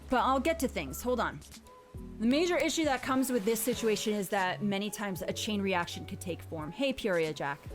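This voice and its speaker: A woman, a parent, hosting a casual livestream chat, giving earnest, gentle advice and reading viewers' messages aloud. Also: medium pitch, expressive, normal speed, faint music behind. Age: adult parent. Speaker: livestream host.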